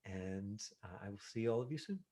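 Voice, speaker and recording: A middle-aged man teaching an online acting class over a video call, talking casually with lots of fillers and lively examples. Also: fairly low pitch, fairly quick. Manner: casual, animated, many fillers.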